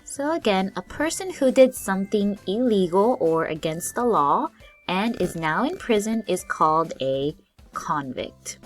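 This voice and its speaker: A woman's voice: mid-range voice, big pitch swings, measured pace, soft background music. A woman teaching English vocabulary to learners, explaining each word patiently in simple terms. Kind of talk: slow, clear classroom explanation.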